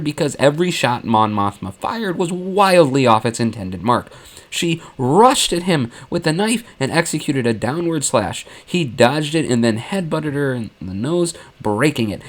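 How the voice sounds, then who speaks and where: A man narrating a fan what-if story in a plain, matter-of-fact deadpan. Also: mid-range voice.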